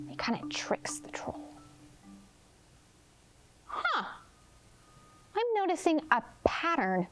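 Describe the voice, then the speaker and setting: A woman kindergarten teacher reading a story aloud and gently asking young children questions about it. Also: a little high, slow pace, pauses often, loud music behind the voice. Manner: gentle, expressive, prompting questions.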